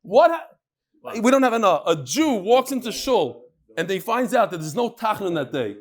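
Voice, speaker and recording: Animated man teaching a Talmud class. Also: high-pitched, normal speed. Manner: animated, bantering with listeners; mixes Yiddish and Hebrew terms into his talk.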